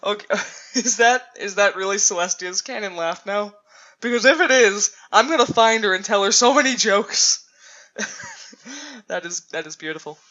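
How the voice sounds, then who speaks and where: A woman giving fan reaction commentary, incredulous and halting with many restarts. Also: medium pitch, pushed and bright, muffled recording. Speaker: fan reviewer.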